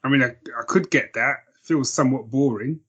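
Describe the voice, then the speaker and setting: A man's voice: mid-range voice, a little fast, a bit bright, slightly rough, muffled recording. Dry-joking man host. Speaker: podcast host. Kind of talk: casual chat.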